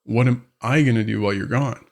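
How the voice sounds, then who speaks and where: A man's voice: medium pitch, fairly quick, vocal fry, a little mellow. A man voicing an unimpressed wife in a plain, dismissive tone. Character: annoyed wife, adult woman, unimpressed.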